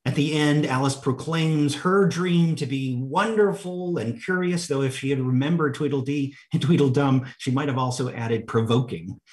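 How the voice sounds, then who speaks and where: A man preaching a sermon, reflective and halting, with fillers and restarts. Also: medium pitch. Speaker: pastor.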